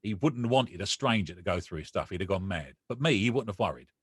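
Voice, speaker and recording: A man's voice: low-pitched, fast talker, slightly rough, dry recording, studio quality. A man, a podcast guest, telling a personal story with feeling and acting out the conversations he recalls. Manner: emotional, animated retelling with quoted dialogue.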